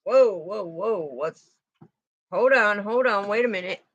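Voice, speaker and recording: Talking directly to her viewers, a woman offers a relaxed spiritual tarot reading, her chatter peppered with "you know" and "okay." Her mid-range, fairly bright voice moves a little slowly, and the recording is echo-free with the highs cut off.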